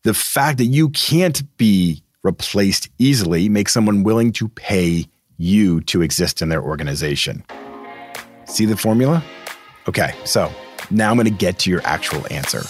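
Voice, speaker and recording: A man's voice: low voice, lively intonation, moderate pace, faint music behind. A man from Massachusetts hosting a career advice podcast, talking emphatically and putting rhetorical questions to his listeners. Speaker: podcast host.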